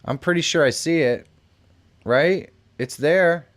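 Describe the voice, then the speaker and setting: Speaking slowly in a voice on the high side, a middle-aged live stream host keeps things casual, responding to viewer messages and frequently laughing as he reads comments.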